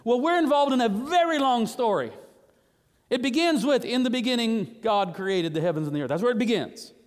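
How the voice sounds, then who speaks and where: A man preaching a sermon as pastor, animated and emphatic, with sudden rises in pitch on key words. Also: brisk. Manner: animated preaching, rising to high emphatic bursts. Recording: long hall reverb.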